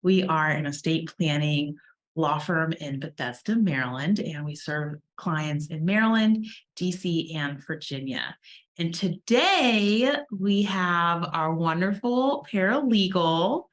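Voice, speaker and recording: A woman's voice: fairly low pitch, expressive, takes it slowly. A woman hosting a casual podcast, chatty and laughing easily as she interviews a guest. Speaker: podcast host and law firm owner.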